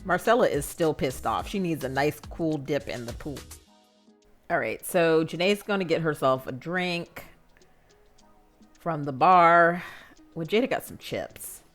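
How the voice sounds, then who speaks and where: A woman's voice: sits low, lively intonation, measured pace, long pauses, a bit bright, soft background music. A woman giving casual, chatty gameplay commentary, with lots of fillers and frequent laughter. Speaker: Sims gameplay narrator.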